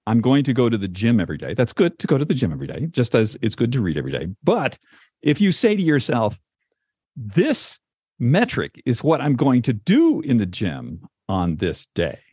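Man, podcast co-host, casual chat, husky, animated pitch, lots of likes and restarts. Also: no echo, clean studio sound. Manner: chatty, many likes and restarts. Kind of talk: casual conversation.

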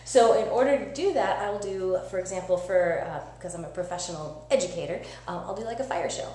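A woman science educator giving a lively live-streamed teaching demo, chatty and upbeat, often checking in with "right?". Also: medium pitch, a little fast. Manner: energetic, chatty, asks listeners "right?". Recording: echoey room with faint hum.

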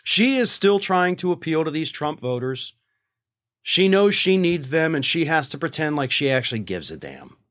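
A male commentator with a fairly high voice that swings widely in pitch as he vents. His delivery is sarcastic and indignant, full of mocking asides and pointed rhetorical questions. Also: big pitch swings, normal speed, fairly bright tone. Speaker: political commentary host. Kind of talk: opinionated political commentary.

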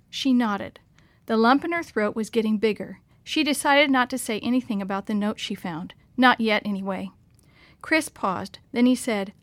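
A woman narrating a children's story aloud in a clear, expressive storytelling manner. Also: fairly high pitch, normal speed, no room sound.

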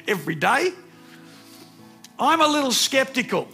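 Man, sixties, sermon, husky voice, faint music behind. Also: high voice, big pitch swings, normal speed, pauses often, pushed and bright. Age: 60s. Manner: earnest personal storytelling, repeats words when emphatic. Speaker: preacher.

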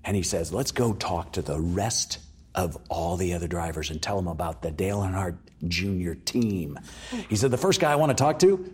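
A man's voice: low-pitched, expressive, moderate pace, darkish tone, breathy edge. A man telling a story as an interview guest, acting out the voices of the people in it.

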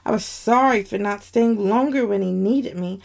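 A woman's voice: mid-range voice, normal speed, creaky, a little mellow. A woman narrating a dramatic story in the first person, with heartfelt emotion.

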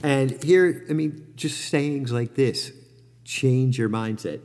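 A man's voice: mid-range voice, takes it slowly, darkish tone. Middle-aged guy rambling honestly about life, lots of "you know", voice has a long echo like a hall. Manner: rambling, candid, many fillers and self-corrections. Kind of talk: reflective personal monologue.

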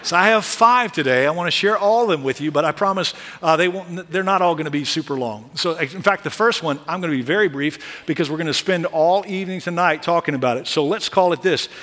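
A pastor delivers his sermon in a bright, forceful, fairly high male voice, talking to the congregation in a lively, chatty way with joking asides. His voice rings through a large church sanctuary with a long hall reverb. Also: brisk, few pauses. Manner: lively, conversational preaching with humorous asides.

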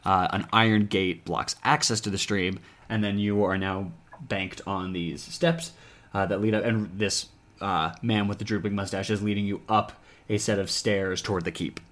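A man's voice: lowish voice, fairly even intonation, normal speed, fairly bright tone. A man running a tabletop game as game master, narrating in a laid-back, rambling way with many fillers.

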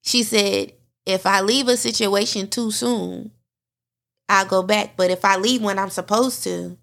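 In a personal podcast monologue, an adult mother speaks candidly and warmly right to her listeners. Her voice is mid-range and a bit bright with vocal fry, fairly even intonation, and a measured pace.

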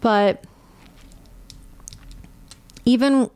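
A young adult woman hosting her own podcast, talking candidly and casually, with a light vocal fry and the odd curse word. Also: fairly high pitch, steady tone, very slow, a little mellow. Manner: candid, conversational, swears casually. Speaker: podcast host. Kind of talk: personal podcast monologue.

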